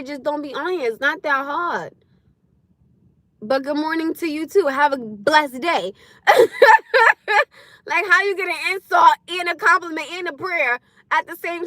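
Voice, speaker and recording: A woman chatting casually on a livestream, loud and laughing often as she answers comments. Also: high voice, dry recording. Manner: loud, laughing, talks back to chat. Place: in her car.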